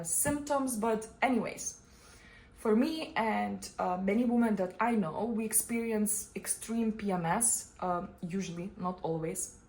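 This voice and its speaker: Young woman vlogging, chatty and animated, laughs a lot, middle pitch. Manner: expressive, animated, laughs often. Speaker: vlogger and coach. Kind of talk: casual personal talk to camera.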